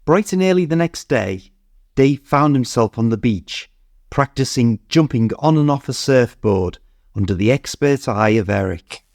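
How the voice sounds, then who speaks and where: A man with a British accent reading a story clearly and steadily for English learners. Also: mid-range voice, expressive, unhurried, darkish tone, no echo, clean studio sound. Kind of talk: scripted narration.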